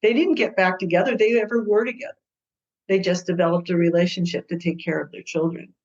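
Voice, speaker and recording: A woman guest who works as a co-parenting mediator tells stories in an interview, acting out the people in them with lively, hesitant speech. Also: on the low side, fast talker. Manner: lively storyteller who acts out quoted people. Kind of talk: storytelling interview answers. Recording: dull lo-fi sound.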